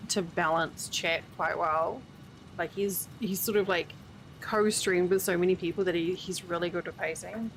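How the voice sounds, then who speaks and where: A tired woman streams a game, rambling casually and chattily to her chat between yawns. Her voice is on the low side, with a little hiss or hum in the audio.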